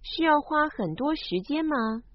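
Woman reading lesson phrases, high lively voice, dry close sound. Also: dry recording. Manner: clear, deliberate phrase reading. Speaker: language lesson speaker. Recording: dull, lo-fi sound.

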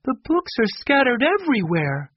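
A man's voice: very high voice, moderate pace, husky, dry recording, highs cut off, pitched above the performer's own voice, full character voice. A man reading a storybook, voicing an eager young boy full of questions. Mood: curious. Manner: excited, questioning.

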